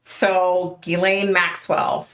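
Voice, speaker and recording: A woman's voice: fairly low pitch, fairly even intonation, very slow, creaky, a bit bright. A middle-aged woman hosting a casual livestream, chatting with viewers by name and talking with a skeptical edge. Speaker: livestream host.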